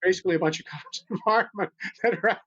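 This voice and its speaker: Earnest older man with a high voice. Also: racing, fairly bright tone. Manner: earnest, rambling, many restarts. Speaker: guest, animal rescuer. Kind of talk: storytelling interview talk. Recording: dull lo-fi sound.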